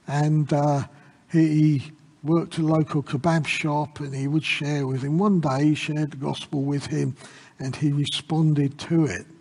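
Slow, husky man reflecting earnestly. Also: on the high side, mellow, long reverb tail. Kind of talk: informal Bible reflection.

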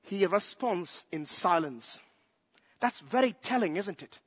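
A man preaching a sermon, speaking slowly and emphatically and asking rhetorical questions. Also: high voice, animated, fairly bright tone, breathy edge. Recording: dull lo-fi sound in a reverberant hall.

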